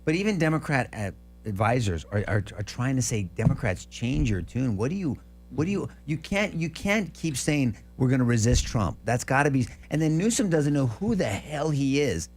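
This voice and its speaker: A man's voice: medium pitch, very animated, normal speed, a little mellow, soft background music. A man co-hosting a political talk show, rambling and profane, often stumbling and restarting his sentences. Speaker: co-host.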